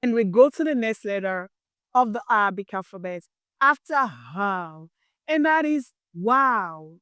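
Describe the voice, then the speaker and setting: A woman teaching young children the Arabic alphabet, drawing out each letter sound and praising them often in a gentle, encouraging way. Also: medium pitch, animated, a little slow, no room sound, studio quality.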